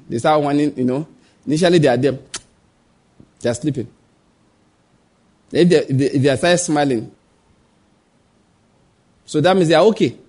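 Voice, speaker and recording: Husky male preacher firing rhetorical questions. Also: on the high side, a little mellow. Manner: acts out quoted voices. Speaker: pastor. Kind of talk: sermon.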